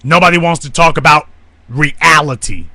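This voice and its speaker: Brief: male commentator, hard-edged bright voice, dry close sound, combative rant. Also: a little high, moderate pace, no echo. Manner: forceful, confrontational ranting. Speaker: online commentator. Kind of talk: monologue broadcast.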